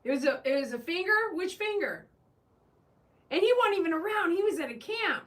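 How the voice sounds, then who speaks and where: A woman's voice: very high voice, lively intonation, a little fast. A woman hosting a casual livestream as a dog groomer, chatty and teasing as she talks straight to her viewers.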